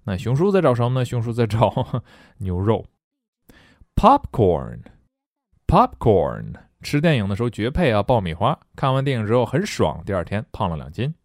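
A middle-aged English teacher with a medium-pitched voice talks fast while hosting a recorded language lesson, in studio quality with no echo. Lively and joking, he moves between explaining words and reading example sentences aloud.

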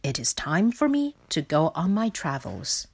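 Woman reading as a no-nonsense male rat, brisk and stern, slow careful delivery, storybook voice. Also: low-pitched, big pitch swings, gravelly, husky, heavily acted. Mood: firm. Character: firm adventurous male rat leader.

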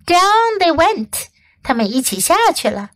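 A woman teacher reads a children's story aloud with clear, expressive diction. Her high voice rises and falls a great deal, and she takes her time. The recording is close and dry. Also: unhurried. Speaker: English teacher. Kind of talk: bilingual children's storybook reading.

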